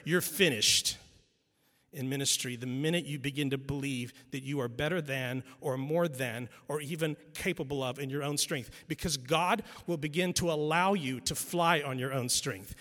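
Emphatic preacher in a reverberant hall. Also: male voice, on the high side, a bit bright. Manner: emphatic, repetitive, wry asides. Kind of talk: sermon. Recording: long reverb in a large hall.

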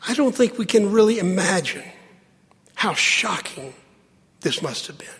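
A man preaching a sermon, with dramatic pauses and lines that drop to a hush. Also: high voice, expressive, husky. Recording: long hall reverb.

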